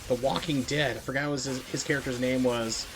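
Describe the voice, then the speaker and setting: A man's voice: medium pitch, steady tone, a little fast, background noise. A young man chatting casually and rambling while he plays through a speedrun on a live stream. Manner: rambling, heavy on "like" fillers.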